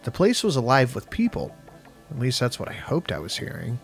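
Guy reading a creepy story, wry and dry, mid-range voice, soft music under it. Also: medium pitch, huge pitch swings, fairly quick, vocal fry. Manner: wry, first-person storytelling. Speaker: horror story narrator. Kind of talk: scripted horror narration. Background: faint music.

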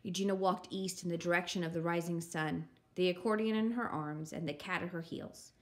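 A woman reading a children's chapter book aloud in a calm, measured storytelling manner. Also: fairly low pitch. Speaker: story reader.

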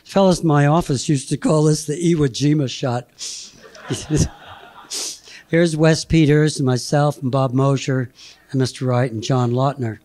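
A man in his eighties giving a halting, anecdotal slide talk, chuckling between memories. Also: on the high side, steady tone, darkish tone. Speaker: guest speaker presenting slides. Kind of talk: anecdotal lecture.

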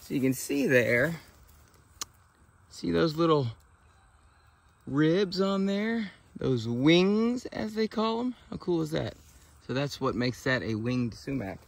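This homesteading vlogger has a voice on the high side, creaky and lively in intonation, and he takes his time with long pauses. In a casual outdoor how-to, he shows how he harvests and prepares berries, rambling folksily and thinking aloud with many fillers and asides. He starts outside by trees, then moves to a kitchen.

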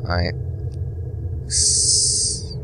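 A man's voice: extremely slow, noisy background. A man commenting casually on a horror game, nervous and muttering, swearing when startled, his voice strained. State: sweating, voice strained. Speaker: gaming commentator.

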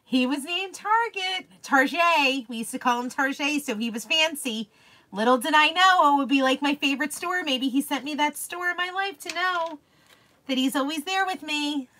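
A woman's voice: high voice, normal speed, sharp tone. A young woman hosting a casual craft livestream, gushing and chatting with viewers by name. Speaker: craft live-stream host.

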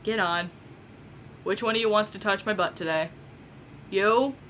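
A young woman giving casual, excitable gameplay commentary, swearing and laughing often. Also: mid-range voice, unhurried, slight background noise. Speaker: gameplay video creator.

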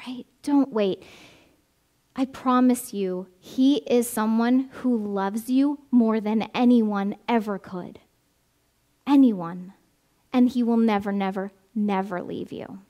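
At a church service, a female preacher speaks in a mid-range, somewhat dark voice. She keeps the sermon conversational, repeating her points for emphasis and often asking "right?", before guiding the congregation in a closing prayer.

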